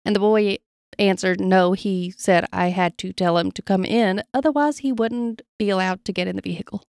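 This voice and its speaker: A woman co-hosting a casual podcast, reading strange stories aloud in an even, unhurried tone. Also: mid-range voice, gravelly, clear, resonant tone, no room sound, studio quality. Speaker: podcast co-host telling stories.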